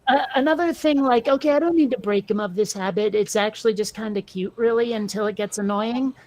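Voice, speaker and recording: A woman's voice: mid-range voice, fairly quick, darkish tone, no room sound. A woman chatting casually as a podcast co-host, rambling through anecdotes full of filler words. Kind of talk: casual chat.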